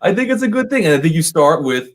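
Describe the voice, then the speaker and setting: A man's voice: a little high, big pitch swings, quick pace. A man co-hosting a casual livestream chat, joking, laughing often and thanking viewers by name. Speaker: co-host of a whiskey channel livestream.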